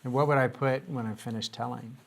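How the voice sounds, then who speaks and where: A man's voice: mid-range voice, steady tone, brisk, vocal fry, crowd noise. A man teaching a grammar lesson to young students, patiently asking questions and coaxing answers.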